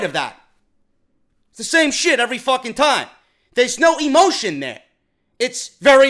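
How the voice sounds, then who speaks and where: A man with a high, bright, sharp-edged voice delivers a blunt, profane solo review of a wrestling broadcast, stumbling over repeated words in exasperation. He speaks at normal speed in a sing-song way, pausing often.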